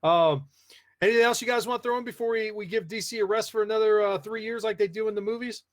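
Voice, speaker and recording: A man's voice: sits high, steady tone, fast. A man hosting a casual live podcast, rambling with lots of fillers as he reads the chat aloud. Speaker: podcast host.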